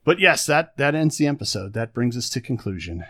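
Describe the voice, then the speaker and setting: A man's voice: mid-range voice, big pitch swings, fairly quick, sharp tone. Rambling, chatty podcast co-host man. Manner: rambling, chatty, with many fillers and restarts. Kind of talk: casual chat.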